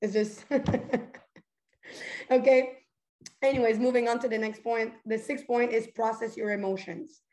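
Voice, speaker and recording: Her voice sits fairly high and stays steady, with a darkish tone and a measured pace broken by frequent pauses. She's a young host giving a goofy, earnest motivational talk, rambling along with lots of "like" and restarts in an echoey room.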